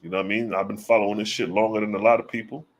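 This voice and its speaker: A man giving casual religious commentary, blunt and profane, firing off rhetorical questions and slowing down to read scripture aloud. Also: lowish voice, steady tone. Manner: reads scripture slowly and deliberately.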